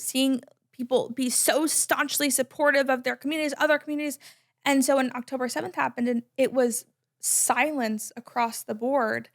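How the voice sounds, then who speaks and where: A woman in her twenties, a podcast guest talking in a loud, emphatic, chatty way with many "like"s. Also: a little high. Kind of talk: casual conversation.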